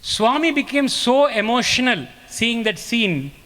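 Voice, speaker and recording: A man's voice: extremely high pitch, very animated, unhurried, pushed and bright. A man giving an earnest spiritual discourse, telling stories and repeating key phrases for emphasis, in a large ashram hall. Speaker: speaker at a spiritual gathering. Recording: long hall reverb.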